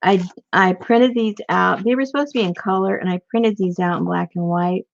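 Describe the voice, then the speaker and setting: A woman with a low-pitched, gravelly voice chats about her crafts with viewers, rambling from thought to thought and full of fillers and restarts. The sound is dull and lo-fi. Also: normal speed, a little hiss or hum. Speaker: crafting channel host. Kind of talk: casual crafting chat to viewers.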